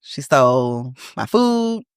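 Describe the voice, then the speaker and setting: Low-voiced lady cohosting a podcast, chatty, laughs a lot, dry close sound. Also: sing-song, takes it slowly, clean tone, dry recording. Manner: chatty, laughs often, emphatic. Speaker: podcast co-host. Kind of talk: casual chat.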